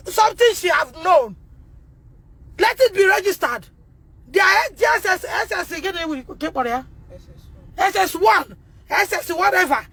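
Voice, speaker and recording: A Nigerian woman with a Nigerian English accent, speaking out on a phone livestream, emotional and repetitive, rising to shouts and tearful at times. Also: extremely high pitch, no echo, poor audio. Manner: emotional, repeats herself, rises to shouting. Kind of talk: impassioned livestream testimony.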